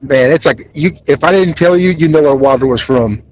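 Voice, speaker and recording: An excitable man calls in from his car on the road, rambling as he drives. His voice sits a little high. The line is dull and lo-fi, like a phone call. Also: a little fast, slight background noise. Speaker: caller. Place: in a car, driving.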